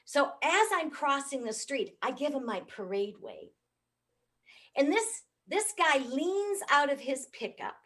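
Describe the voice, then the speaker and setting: A middle-aged American woman tells a funny personal story in a keynote talk. Her voice sits fairly high and climbs sharply for punchlines. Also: measured pace. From United States. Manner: animated, comic, swoops up for punchlines. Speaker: motivational speaker.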